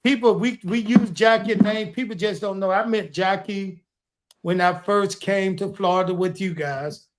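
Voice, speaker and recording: A man's voice: sits high, fairly even intonation, moderate pace. A man co-hosting a casual podcast chat as a former wrestler, boastful and teasing as he talks over the others.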